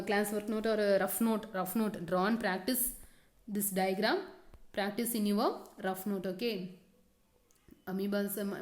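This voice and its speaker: A woman's voice: mid-range voice, roomy sound. A woman teacher giving a science lesson, repeating key terms and questions and telling students to underline words and draw diagrams. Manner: frequent "okay" and directions to underline and draw. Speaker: school teacher.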